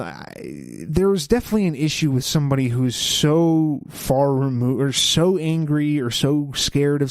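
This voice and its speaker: A man's voice: medium pitch, a little mellow, no room sound, studio quality. A young man hosting a solo podcast, rambling through his opinions with many fillers and restarts. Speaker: podcast host. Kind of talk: casual solo podcast monologue.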